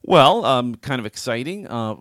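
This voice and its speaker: A man's voice: medium pitch, animated, measured pace, fairly bright tone, no room sound, studio quality. A man co-hosting a podcast in casual chat, upbeat and chatty, often restarting his sentences. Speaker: podcast co-host.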